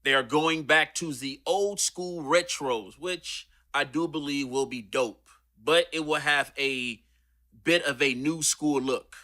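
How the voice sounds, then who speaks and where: A male vlog host with a bright, sharp voice that sits a little high. He talks in an upbeat, chatty way as he opens the show. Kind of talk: casual vlog intro.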